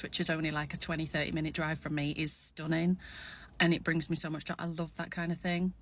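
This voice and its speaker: Rambling, reflective Englishwoman, lowish voice. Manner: rambling, reflective, steadying herself. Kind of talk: personal vlog monologue.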